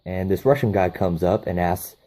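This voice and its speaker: A man recaps a movie plot in a casual, profane, enthusiastic way. His voice sits on the low side for a man. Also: moderate pace, warm tone. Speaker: movie reviewer.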